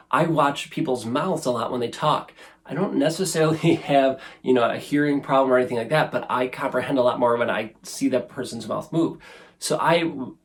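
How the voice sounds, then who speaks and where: A man in his thirties hosting a casual self-help talk to camera, earnest and conversational, often tagging sentences with "right?". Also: medium pitch. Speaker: show host. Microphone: camera facing speaker.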